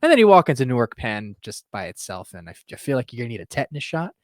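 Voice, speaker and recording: Animated, lively podcast host man. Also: medium pitch, dry recording, clean studio sound. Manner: animated, laughs often, quick asides. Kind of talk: casual chat.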